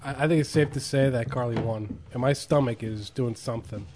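A man's voice: mid-range voice, fairly quick, noisy background. A man narrating a food challenge play-by-play in an amused, joking way. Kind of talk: casual commentary on a food challenge.

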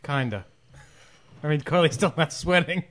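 A man's voice: on the high side, moderate pace, a bit bright. A man bantering and commentating on a hot sauce challenge, joking and laughing often, and phlegmy from the sauce.

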